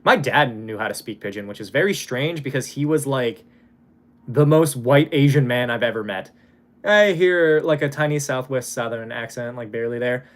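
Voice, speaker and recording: A man's voice: mid-range voice, moderate pace. A young man from Hawaii chatting casually on a live stream, reading donations and swearing now and then.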